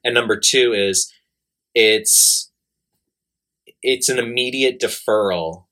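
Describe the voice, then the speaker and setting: A man's voice: medium pitch, slow pace, pushed and bright. A man giving blunt, emphatic dating advice in casual talk, repeating key points. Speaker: dating coach.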